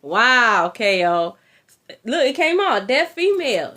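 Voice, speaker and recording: High bright-voiced lady doing tarot, blunt and cussing. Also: sing-song, unhurried. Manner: blunt, profane, repeats herself. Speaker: tarot reader. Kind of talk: casual tarot reading.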